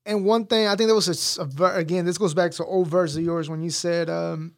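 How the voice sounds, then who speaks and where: A man with a high voice hosting a casual interview. His questions ramble and restart as he goes. The sound is dry and close. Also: fairly even intonation, brisk, dry recording. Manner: rambling, hesitant, full of restarts. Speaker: interview host.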